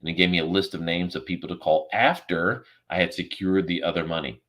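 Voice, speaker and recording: Deep-voiced man telling an emotional story. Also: fairly even intonation, a little fast, fairly bright tone. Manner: earnest, emotional storyteller who acts out quoted dialogue. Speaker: podcast guest. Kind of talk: storytelling in a remote interview.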